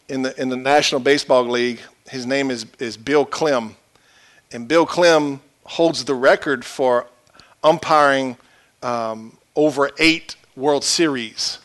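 A male pastor preaching a sermon in a church, swinging from loud shouted peaks to quiet low asides.

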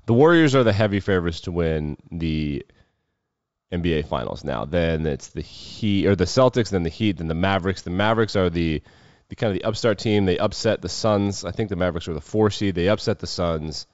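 A man's voice: low-pitched, lively intonation, brisk, dry recording, highs cut off. A man hosting a sports show, riffing off the cuff on games and clips with a wry, sardonic edge. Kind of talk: casual sports commentary.

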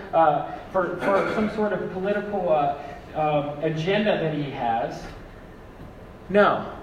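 A young man preaching a sermon as a pastor, animated and acting out quoted voices. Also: high voice, slight background noise. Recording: echoey hall, mic far off.

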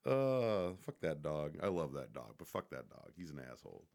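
A man's voice: extremely low pitch, very animated, normal speed, vocal fry, a little mellow. A man casually telling a rambling, profane, joking story to the camera.

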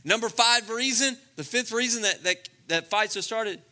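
A man preaching a lively, comedic sermon, acting out scenes in playful voices. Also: high voice, moderate pace. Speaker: pastor.

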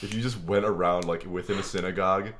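A man's voice: deep voice, steady tone, fast, fairly bright tone, a little hiss or hum. A man co-hosting a podcast in casual chat, rambling with lots of fillers and breaking into laughter. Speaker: podcast co-host.

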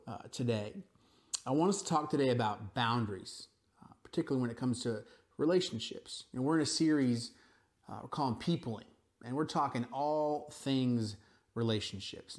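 Casual conversational male pastor. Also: medium pitch. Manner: conversational storytelling with frequent "right?" and "you know". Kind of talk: sermon.

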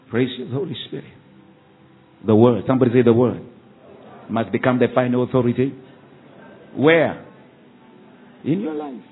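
A man, a pastor preaching a sermon with call-and-response and quick rhetorical questions at a church service. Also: medium pitch, slightly rough. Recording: tinny phone-like sound, faint ambience.

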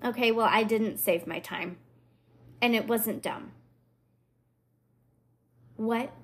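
A woman's voice: fairly high pitch, measured pace. A woman hosting a podcast, answering book reviews in a sarcastic, playful casual chat. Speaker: podcast host.

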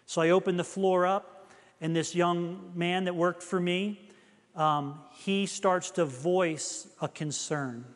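A man's voice: sits high, steady tone, slow, big-room sound. A middle-aged man preaching a sermon, telling a personal story in an earnest, confessional way.

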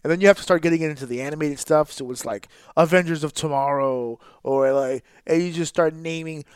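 A man hosting a podcast, ranting with exasperation and heavy swearing, now and then mimicking others in a flat, deflated tone. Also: fairly high pitch, brisk, clean tone, no room sound, studio quality. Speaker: podcast host. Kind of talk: profane ranting podcast monologue.

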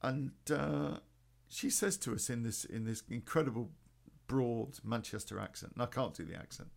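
A man's voice: mid-range voice, normal speed, gravelly. A man telling a rambling personal story in a casual, sweary way, full of ums and restarts. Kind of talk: casual spoken anecdote.

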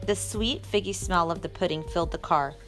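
A woman narrating a storybook aloud in a lively, expressive way. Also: lowish voice, fairly quick, over music. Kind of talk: storybook reading.

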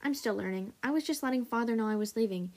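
A woman voicing a hopeful, cheerful young female hybrid dragon in a read-aloud storybook, raised and eager. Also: fast. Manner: eager and bright, rises higher.

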